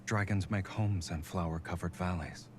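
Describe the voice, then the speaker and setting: A man voicing a calm, teasing male love interest in an otome game, speaking softly. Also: low voice, moderate pace, noisy background, natural voice. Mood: tender. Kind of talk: voiced game dialogue.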